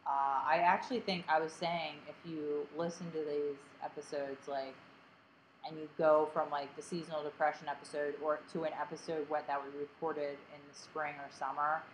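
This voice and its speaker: A woman co-hosting a casual podcast, her voice sitting low and a little grating. She rambles through fillers and self-deprecating asides, and a faint hiss of noise runs under the recording. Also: flat delivery, moderate pace, poor audio. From Delaware County, Pennsylvania. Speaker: podcast co-host.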